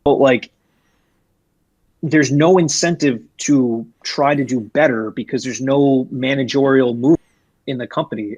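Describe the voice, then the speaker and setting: A former retail employee, a young man with a medium-pitched, slightly rough voice, tells a workplace story as a guest in a casual interview. He rambles, restarting often and using lots of fillers, and gets animated when retelling events. The audio is dull, with no echo.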